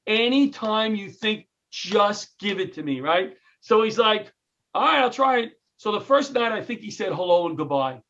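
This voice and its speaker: Speaking at normal speed in a high-pitched voice over dull audio, the middle-aged New Yorker, a comedian and retired firefighter, tells stories in an interview. He is animated and jokey, performing the lines of the people in his tales.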